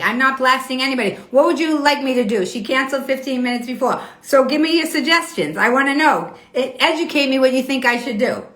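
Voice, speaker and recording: A woman's voice: high voice, sharp tone. Indignant woman live-streaming, echoey room. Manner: indignant, argumentative, repeats herself. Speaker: host of a weekly live show. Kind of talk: Instagram live stream, reading and answering comments.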